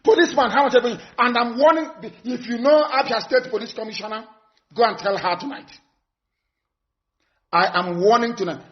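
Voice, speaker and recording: Man, high voice, live broadcast address, threatening, repeats himself, dull lo-fi audio. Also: brisk. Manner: threatening, emphatic, repeats warnings. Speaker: movement leader.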